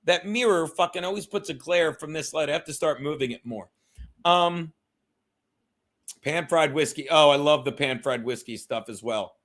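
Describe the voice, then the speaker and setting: High bright-voiced man chatting loosely. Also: lively intonation, normal speed. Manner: loose, profane, rambling, talks to chat. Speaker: livestream host. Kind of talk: casual solo livestream chat. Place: his home. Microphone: streaming setup.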